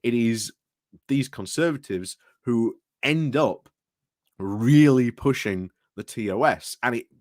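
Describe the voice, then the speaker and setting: A man's voice: medium pitch, lively intonation, slow, a little mellow, no room sound, studio quality. A British man hosting a casual livestream, rambling through commentary with restarts and greetings to chat, recorded indoors at home. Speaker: livestream host.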